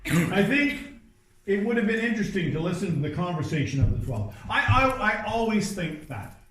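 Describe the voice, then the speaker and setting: Male pastor with a high voice, conversational sermon, distant mic in a reverberant church. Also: sing-song, moderate pace, a bit bright. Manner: conversational storytelling with asides and restarts. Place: church sanctuary.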